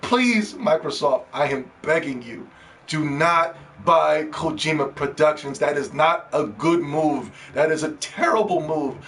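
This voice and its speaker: A man hosting a gaming podcast, ranting and pleading, dropping to hushed begging and then rising to shouts. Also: fairly high pitch, a little slow. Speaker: podcast host.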